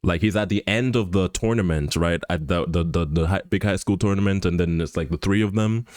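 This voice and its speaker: Man, live-stream chat, very low voice, dry close sound, rambling, laughs a lot. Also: a little fast, darkish tone, no room sound. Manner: rambling and joking, with many fillers and restarts; laughs often while talking.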